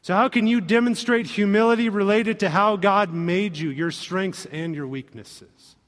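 A man preaching a sermon as pastor, animated and acting out quoted voices. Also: high-pitched, moderate pace. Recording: long reverb of a hall.

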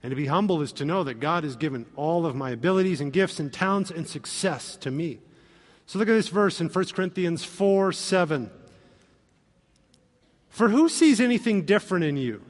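A man preaching a sermon as pastor, animated and acting out quoted voices. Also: on the high side, moderate pace. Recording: long reverb of a hall.

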